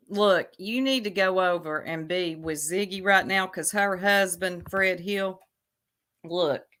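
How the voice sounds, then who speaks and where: A woman's voice: lowish voice, bright, forceful tone. A woman hosting her own livestream, casually chatting and teasing her viewers in a sassy way. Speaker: livestream host.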